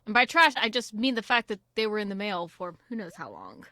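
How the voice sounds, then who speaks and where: Brisk, very animated, and pushed bright, this medium-pitched female voice comes through a dry, clean studio recording with faint game music underneath. The young gaming channel host is playing a farming game, rambling casually into self-deprecating tangents laced with swearing.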